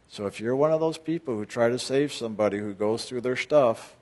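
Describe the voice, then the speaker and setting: A man's voice: mid-range voice, lively intonation, brisk, hardly any pauses, a little mellow. A man leading a spiritual retreat group, talking bluntly and firing rhetorical questions at his listeners, with sudden emphatic bursts. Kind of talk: group talk to retreat participants.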